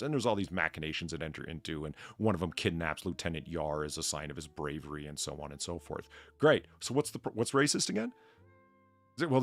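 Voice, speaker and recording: A man's voice: low voice, no room sound. Rambling, profane man chatting on stream. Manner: profane, rambling, jokey storyteller. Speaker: stream host. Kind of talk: casual chat on a livestream.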